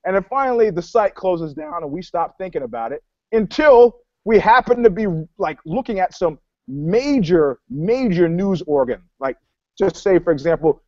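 A man's voice: high-pitched, expressive, moderate pace, dry recording. A man telling a long story in casual chat, rambling with many restarts and acting out the lines of others. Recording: dull, dry lo-fi sound.

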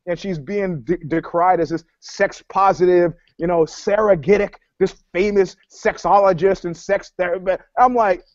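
Male storyteller, high voice, rambling with restarts, dull lo-fi recording. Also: steady tone, moderate pace, hardly any pauses, no room sound. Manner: rambling storyteller, many restarts, acts out quotes. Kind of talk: casual chat. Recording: dull, dry lo-fi sound.

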